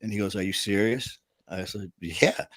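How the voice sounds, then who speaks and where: A man's voice: on the low side, normal speed, a bit bright, no echo. A man hosting a casual talk, telling a story with lots of fillers, laughs and acted-out quotes. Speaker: show host.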